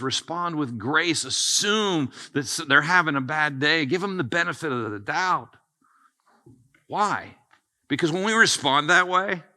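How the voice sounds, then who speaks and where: A middle-aged man preaching a sermon as pastor, in a conversational, animated way that speaks straight to the congregation. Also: fairly high pitch. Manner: conversational, animated, addresses listeners as guys.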